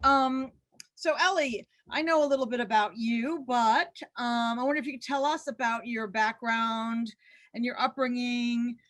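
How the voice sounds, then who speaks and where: Bright, dry-sounding woman moderator. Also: fairly high pitch, fairly even intonation, no room sound. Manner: warm, halting, many fillers. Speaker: event host and professor. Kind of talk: moderating an interview.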